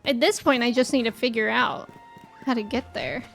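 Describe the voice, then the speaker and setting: A young woman streaming a game live, chatting to her viewers, excitable and quick to shriek or laugh when startled. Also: on the high side, vocal fry. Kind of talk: live gameplay commentary. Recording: game music playing underneath. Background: faint game music.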